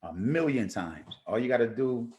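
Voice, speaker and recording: A man's voice: medium pitch, lively intonation, moderate pace, a little mellow. A man who is a rapper, talking as a guest in a casual interview, earnest and emphatic, often repeating words as he builds his point.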